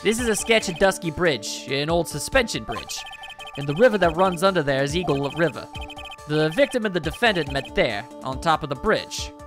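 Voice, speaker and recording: A man voicing an eager, slightly dim male police detective who answers "yes, sir" loudly. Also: fairly high pitch, lively intonation, moderate pace, music in the background, natural voice.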